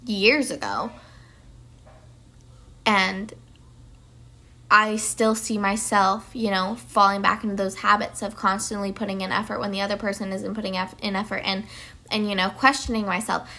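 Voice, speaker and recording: A woman's voice: medium pitch, fairly bright tone. A young woman hosting her own podcast, talking casually and rambling with many fillers and restarts. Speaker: podcast host. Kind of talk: casual solo podcast talk.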